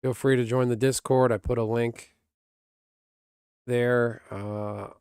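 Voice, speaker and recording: A man's voice: medium pitch, flat delivery, takes it slowly, darkish tone, smooth, dry recording, studio quality. A man streaming and chatting casually with viewers in a rambling way, often laughing. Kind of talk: casual livestream chat.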